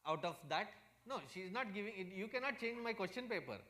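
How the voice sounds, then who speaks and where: Casting: lively Indian male spiritual teacher, high voice, swooping storyteller's delivery, playful humor. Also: fast. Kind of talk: storytelling satsang talk.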